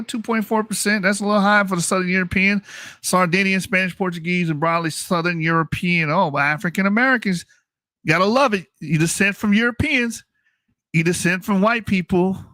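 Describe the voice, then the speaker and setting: A man's voice: high-pitched, bright, forceful tone, no room sound, clean studio sound. A man hosting a channel, giving blunt, mocking and profane commentary as he reacts to results on screen. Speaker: channel host.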